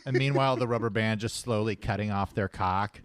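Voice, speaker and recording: A man's voice: lowish voice, a little fast, slight background noise. A man co-hosting a podcast with crude, sarcastic banter, laughing often, recorded in a garage studio on a close mic. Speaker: podcast co-host.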